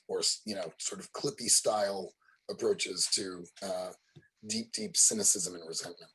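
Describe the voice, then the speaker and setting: A man's voice: deep voice, steady tone, normal speed, bright, forceful tone, husky, poor audio. A man running a tabletop game as game master, narrating with a hesitant delivery full of ums and uhs.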